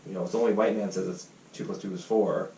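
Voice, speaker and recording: A man talks fast and heatedly on a casual podcast. He is a little distant from the mic, and the room echoes. Faint ambience sits behind him. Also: low voice, fairly even intonation, warm tone, a little hiss or hum. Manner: fast, heated storytelling with quoted voices and swearing. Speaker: podcast host.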